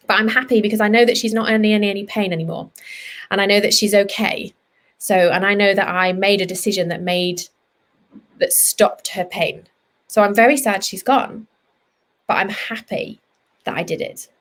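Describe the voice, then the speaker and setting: A woman vet giving a gentle, reassuring lesson to children, talking straight to them in an earnest way. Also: mid-range voice. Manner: soft, reassuring and earnest, talks straight to kids.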